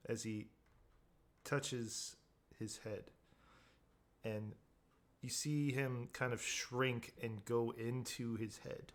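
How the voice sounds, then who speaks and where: A man running a tabletop game, laying out each scene in slow, deliberate narration. His pitch is an ordinary middle register, and he takes his time over the descriptions. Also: fairly even intonation. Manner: unhurried, descriptive. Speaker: game master.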